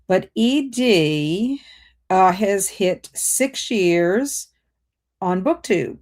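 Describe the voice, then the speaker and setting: A woman's voice: medium pitch, animated, very slow, darkish tone. A woman hosting a livestream, chatting casually and reading out viewer comments while multitasking. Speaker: BookTube livestream host.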